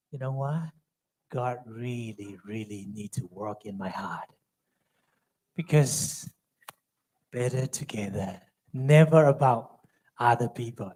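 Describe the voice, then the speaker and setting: A pastor from Myanmar speaking English with a Burmese accent. He leads a Bible study as a chatty storyteller, acting out the dialogue of his own stories. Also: a little high.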